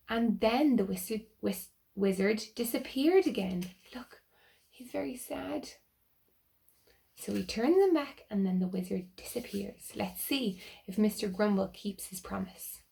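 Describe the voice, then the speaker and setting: A woman reading a picture book aloud to children, animated and asking them questions. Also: medium pitch, creaky. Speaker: children's storyteller.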